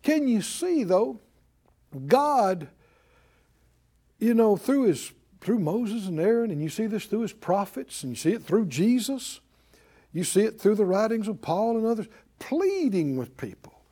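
A middle-aged man teaching a sermon, animated, acting out little voices and swinging between loud and soft. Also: high-pitched, unhurried. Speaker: Bible teacher.

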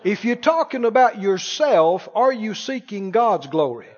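A man's voice: high voice, very animated, a little slow, long reverb tail, dull audio. A man preaching a sermon, quoting scripture with emphasis and putting questions to the congregation.

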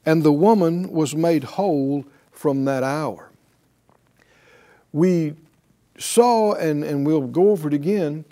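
A middle-aged man teaching the Bible in an emphatic way, slowing down to stress key words. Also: fairly high pitch, dark tone. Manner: emphatic, with deliberate slow stresses.

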